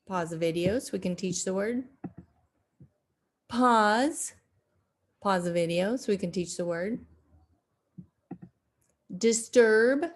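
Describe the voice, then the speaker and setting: Slow-paced woman teaching a video lesson. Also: medium pitch, a little mellow, a little hiss or hum. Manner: slow, deliberate, with frequent fillers and self-corrections. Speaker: second grade teacher.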